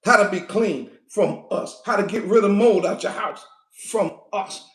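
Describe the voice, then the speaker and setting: A woman preaching a fiery sermon, animated, often shouting and breaking into laughter. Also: mid-range voice, a little slow. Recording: echoey room.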